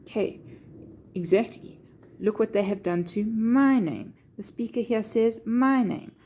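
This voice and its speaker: A woman's voice: a little high, measured pace, mellow. A woman teacher explaining a poem line by line, checking in with her students with a frequent "okay". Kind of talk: poetry lesson explanation.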